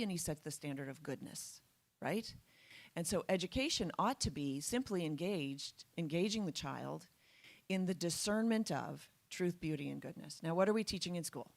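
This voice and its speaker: A woman's voice: low voice, gravelly, dry recording. A woman giving a public talk to an audience, emphatic and full of rhetorical questions. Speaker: guest speaker.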